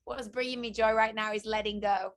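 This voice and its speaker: A woman's voice: mid-range voice, steady tone, a little fast. A woman in her forties, a guest on a radio interview, speaking reflectively and repeating key phrases.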